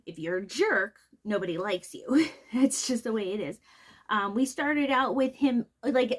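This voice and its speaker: Blunt, chatty woman with a higher voice. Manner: blunt, opinionated, chatty with fillers. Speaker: trial recap commentator. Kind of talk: casual spoken commentary.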